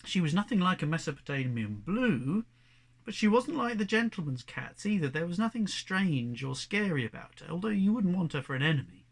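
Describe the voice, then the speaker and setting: A man reading a children's novel aloud as narrator, measured and expressive. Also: high-pitched, gravelly. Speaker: audiobook narrator. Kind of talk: storybook narration.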